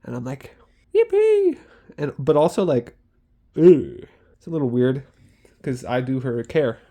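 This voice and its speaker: A man's voice: medium pitch, normal speed, dark tone. A young man, a student care worker, chatting casually in a vlog diary, rambling and acting out sounds.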